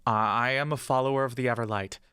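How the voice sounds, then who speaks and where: A man's voice: mid-range voice, steady tone, quick pace, sharp tone, smooth, no echo, clean studio sound, natural voice. A man voicing a nervous bird-folk cleric. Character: young bird-person cleric, earnest and nervous.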